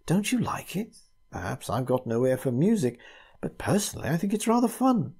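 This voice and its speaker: Guy reading doing a smug sly young gent, higher voice, kinda mocking. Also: sing-song, moderate pace, gravelly, dark tone, husky, exaggerated voice. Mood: teasing. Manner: teasing, lightly mocking.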